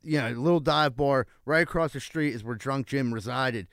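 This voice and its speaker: A man's voice: mid-range voice, normal speed, fairly bright tone, dry recording, clean studio sound. A male radio host telling rambling, profane stories in a casual chat. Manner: rambling, profane storytelling with lots of fillers.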